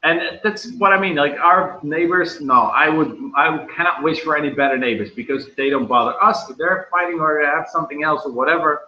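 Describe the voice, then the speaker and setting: A loud, animated Dutch man hosting a casual livestream, speaking English with a Dutch accent. His voice sits a bit high and sounds bright and forceful. It comes through a dull, lo-fi computer microphone in a roomy, echoey space. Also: brisk, hardly any pauses. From Netherlands. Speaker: livestream host.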